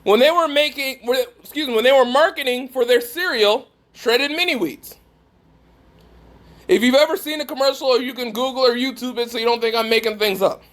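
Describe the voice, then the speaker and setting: A man with a strikingly high voice preaches to a gathered group. He talks emphatically and keeps pressing his listeners with direct questions. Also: fairly quick, fairly bright tone. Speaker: speaker at a faith gathering. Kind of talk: preaching talk to a live group.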